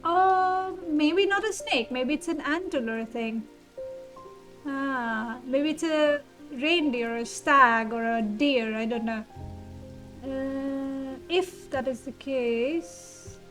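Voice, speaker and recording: Brief: woman gamer, high voice, unhurried, quietly thinking out loud over soft music. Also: low-quality recording. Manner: thinks aloud, muses softly. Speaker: game streamer. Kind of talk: blind game playthrough commentary.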